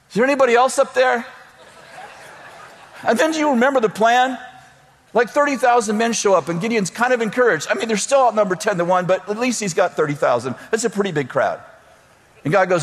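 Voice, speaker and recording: A man's voice: high voice, lively intonation, brisk, in a large hall. A man preaching a sermon, telling comic stories and acting out the voices of the people in them. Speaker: pastor.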